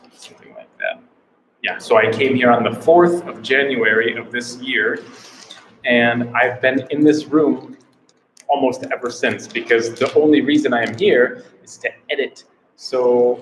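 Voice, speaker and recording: A travel vlogger from the United States holds a casual live-stream Q&A in a small room, his voice medium-pitched with a fairly bright tone. He rambles and sounds unsure, often repeating himself, and the poor audio carries a little hiss or hum.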